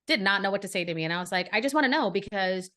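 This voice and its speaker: A woman co-hosts a podcast, telling a story in a casual, animated way. She acts out each side of the dialogue and gets indignant, her voice sitting at an ordinary middle pitch. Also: racing. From Brooklyn. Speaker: podcast co-host.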